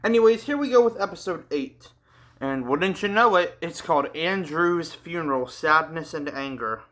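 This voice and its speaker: Guy reading a manga story out loud, kinda high voice, animated and casual. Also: moderate pace. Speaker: channel host, story reader.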